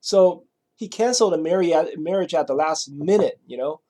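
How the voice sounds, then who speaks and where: A man's voice: a little high, moderate pace, warm tone. A man spins a long, rambling story in a loose, casual way. He swears freely and keeps checking in with "right?" and "you know?" as he goes. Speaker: vlogger.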